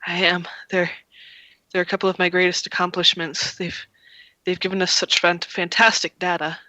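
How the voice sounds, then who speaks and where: A scheming lab director with a cold, measured manner that falters when he is cornered, as the game master puts him on. His voice comes through bright and a little sharp, with a dry, close sound. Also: mid-range voice, monotone, dry recording, natural voice, poor audio. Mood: strained pride. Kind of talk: voiced role-play in a live-streamed tabletop game.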